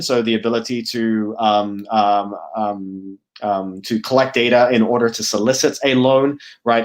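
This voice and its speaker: A man giving a conference presentation as guest speaker, thinking aloud with many fillers, restarts and a habitual "right?". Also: fairly low pitch. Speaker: guest speaker, product officer.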